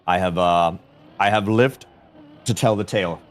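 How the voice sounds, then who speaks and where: A man's voice: sits low, moderate pace. A man in his thirties with a light Danish accent, chatting casually on a game stream and answering chat. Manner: easygoing, chatty, self-deprecating.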